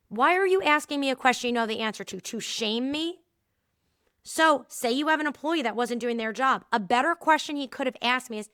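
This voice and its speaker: A woman's voice: sits high, fairly quick, clear, resonant tone, no echo, clean studio sound. A woman, hosting a casual solo talk show and telling workplace stories, acting out the voices of the people in them. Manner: lively storytelling, acting out quoted dialogue. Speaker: podcast host.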